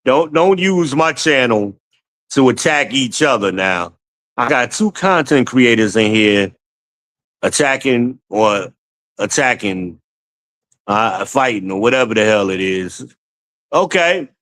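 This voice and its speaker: A man hosts a livestream, reading the chat aloud in casual commentary, swearing freely, laughing often and calling his viewers "y'all." His medium-pitched voice is animated and fairly bright, delivered at a slow pace. The recording is rough.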